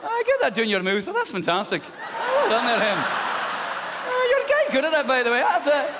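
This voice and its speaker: A man's voice: very high-pitched, huge pitch swings, fairly quick, a loud crowd, very noisy, pitched above the performer's own voice, heavily acted. A man playing a genteel, polite Scottish man in a porn scene, speaking with a Scottish accent and a prim, chatty manner. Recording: live stage, audience laughter.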